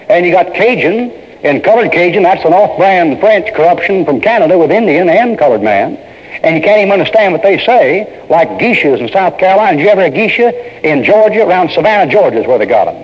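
A man's voice: sits high, sing-song, brisk. A man preaching a sermon in an emphatic, folksy way, speaking straight to the congregation. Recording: dull lo-fi sermon tape in a reverberant hall.

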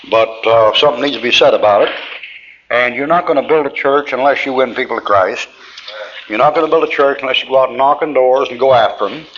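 A man teaching a Bible class in a blunt, folksy, plainspoken way, with a middle-range voice. The recording is dull and lo-fi, like an old tape. A faint hiss runs underneath. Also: medium pitch. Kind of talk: classroom lecture.

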